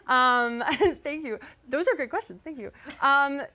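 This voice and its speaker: A woman's voice: high-pitched, a little slow, pushed and bright. A young woman from Canada, a singer and guest on a live talk show, chatting in a bubbly way with frequent laughs and fillers.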